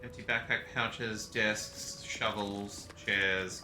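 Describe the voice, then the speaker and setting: A man streams a game in slow, easygoing commentary, his voice rising and falling a lot as he muses aloud. The sound is roomy, and game music plays clearly behind him. He drifts between reading items and talking to his cat. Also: mid-range voice, lively intonation. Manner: chatty, meandering, talks to his cat. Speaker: gaming streamer. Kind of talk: casual let's-play commentary.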